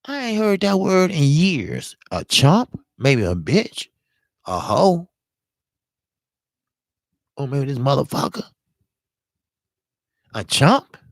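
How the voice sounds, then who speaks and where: A man hosting a live-streamed boxing talk show, hoarse from talking all day, giving blunt, emphatic and profane commentary while greeting viewers. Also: a little high, big pitch swings, takes it slowly, long pauses, no room sound.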